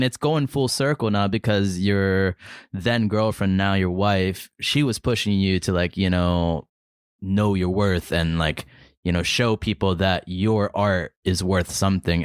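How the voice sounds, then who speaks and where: A man's voice: sits low, clean tone, no room sound, clean studio sound. A man hosting a podcast, summing up his guest's point in a loose way with lots of fillers. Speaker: podcast host. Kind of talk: casual interview chat.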